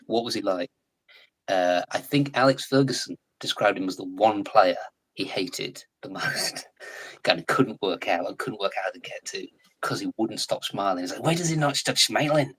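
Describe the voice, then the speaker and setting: An English man in his forties, a guest in a casual live chat, talking in a chatty, animated way and laughing often. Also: deep voice, moderate pace, husky, rough recording. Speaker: guest actor.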